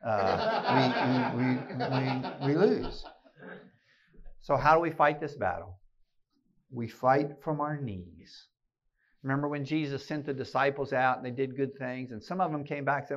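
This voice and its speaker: A man preaching a keynote to a room of men, emphatic and folksy, circling back to repeat his phrases. His voice sits at an ordinary middle pitch. The recording is a little dull and lo-fi. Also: unhurried. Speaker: speaker at a men's gathering. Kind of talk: sermon-style keynote. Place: live talk to an audience.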